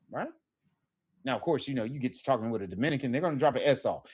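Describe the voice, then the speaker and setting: A man's voice: medium pitch, quick pace, breathy edge. A man teaching a casual Spanish lesson, talking loosely and checking in with "right?" as he acts out sample phrases.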